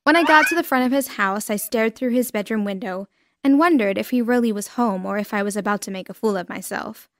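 A woman narrating a dramatic first-person story with expressive delivery. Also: medium pitch, brisk, no room sound.

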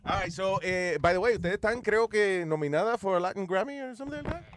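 A man's voice: high voice, fast talker, slight background noise. A man hosting a chat show, joking and hopping between Spanish and English as he interviews guests. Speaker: talk show host. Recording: crowd chatter behind.

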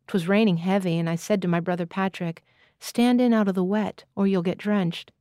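An odd, silent older countryman telling a rambling tale in a plain, slow way, as a woman reads him aloud. Pitch is middle, and the sound is dry and close. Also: steady tone, warm tone, no room sound, natural voice. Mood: earnest.

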